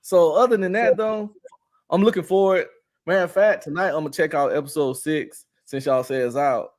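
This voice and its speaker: A man speaks as a guest on a casual podcast, slangy and quick to joke. He laughs often between points. His voice sits a bit higher than most men's. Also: fairly even intonation, darkish tone. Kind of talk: casual chat.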